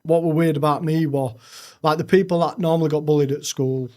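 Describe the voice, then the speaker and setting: Frank man, halting. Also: fairly high pitch, steady tone, mellow. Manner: frank, halting, with many restarts. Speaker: podcast guest. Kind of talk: candid personal storytelling.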